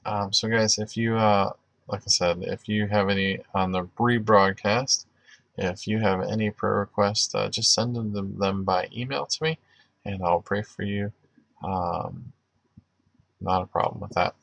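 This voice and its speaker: A man's voice: fairly low pitch, steady tone, a little slow, creaky, fairly bright tone, dry recording. A man hosting a casual faith livestream, chatting loosely with many fillers and restarts, and praying aloud for viewers. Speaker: livestream host. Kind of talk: casual livestream chat with prayer.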